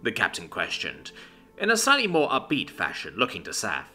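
A man narrating a fantasy story in an expressive storytelling manner. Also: lowish voice, normal speed, slightly rough, faint music behind. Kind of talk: scripted narration.

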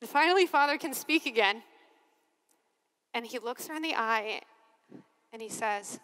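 A religious sister giving a keynote to a large crowd in animated, expressive storytelling, acting out voices and laughing often. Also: female voice, fairly high pitch, normal speed, long pauses, clear, resonant tone. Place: large convention arena. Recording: long reverb of a big arena.

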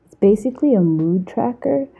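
This woman from Zambia has a medium-pitched, animated voice that is creaky and warm with a breathy edge. Narrating her own vlog, she stays playful and self-mocking, drawing out slang asides, while a muffled phone-style mic records her.

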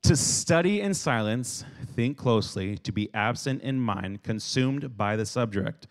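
A man preaching a lively youth sermon who acts out everyday scenes and has the crowd repeat words after him. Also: mid-range voice, measured pace. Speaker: youth speaker.

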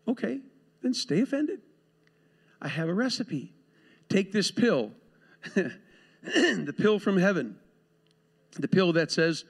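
Pastor, male, higher voice, chatty preaching with asides, church sanctuary. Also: big pitch swings, slow pace, long pauses, breathy edge. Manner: conversational preaching with asides and laughs. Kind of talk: sermon.

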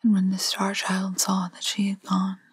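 A woman gently reading a classic fairytale aloud as a bedtime story in a whispered role-play. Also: mid-range voice, completely flat delivery, normal speed, breathy edge, no room sound.

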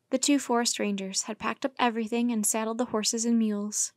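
Woman calmly reading a kids chapter book, slightly high voice, super dry sound. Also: fairly quick, no room sound. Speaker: storyteller.

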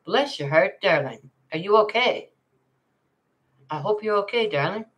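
A woman's voice: medium pitch, expressive, a little slow. A retired older woman chatting casually on a livestream, reading viewer comments, laughing often and calling people darling. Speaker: livestream host.

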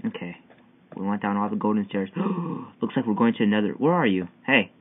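A young man giving excitable, frustrated commentary while playing a parkour game, yelping at each failed jump. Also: lowish voice, fairly quick. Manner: excitable, yelping and whining at failures. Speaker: gamer. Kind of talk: gameplay commentary. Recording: tinny phone-like mic with faint hiss.

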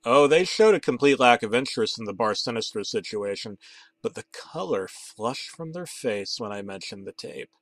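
A man narrating a comedic creepypasta story, deadpan and mock-dramatic. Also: on the low side, no room sound. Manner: deadpan, mock-dramatic, rising to excited outbursts.

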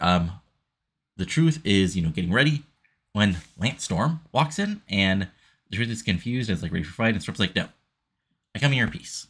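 A man's voice: fairly low pitch, vocal fry, a bit bright, breathy edge. A man casually recapping a wrestling simulation game, rambling with lots of "you know" fillers. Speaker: let's-play host recapping a wrestling sim.

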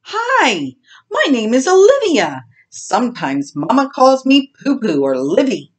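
A woman doing Olivia, a sweet high little girl piglet. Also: wildly swooping pitch, measured pace, full character voice. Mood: gentle. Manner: sweet, coaxing. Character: young girl piglet, kind and welcoming.

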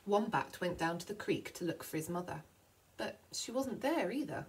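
A woman teacher reading a picture book aloud to children, slowing down for effect. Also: on the low side, a little hiss or hum, low-quality recording. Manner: expressive storytelling, slowing for effect.

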